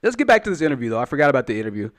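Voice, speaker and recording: A man's voice: medium pitch, sing-song, very fast. A man giving casual reaction-video commentary, rambling and repeating himself in a candid, confessional way. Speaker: YouTube commentator.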